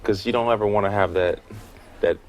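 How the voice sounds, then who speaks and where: A man with a very deep voice answers interview questions in a relaxed, thoughtful way, often pausing on fillers. Faint background noise from a restaurant sits behind him. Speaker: interview guest, football player. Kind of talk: casual interview.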